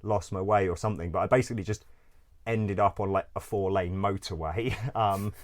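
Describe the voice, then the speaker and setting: Male interview guest with a very deep voice. Casual, rambling storyteller who swears and laughs a lot. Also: fairly even intonation, brisk. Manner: rambling, full of "like", swears freely, laughs often.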